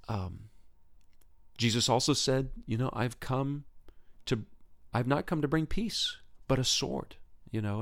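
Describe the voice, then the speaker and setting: Earnest and casual, this Christian podcast host frequently restarts his sentences and says words twice. When he gets excited, his voice climbs sharply in pitch.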